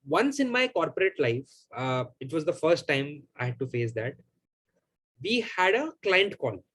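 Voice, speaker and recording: A man, hosting a live Q&A and telling a personal story to his audience in an animated, emphatic, repetitive way. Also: fairly high pitch, unhurried. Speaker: host of a live Q&A.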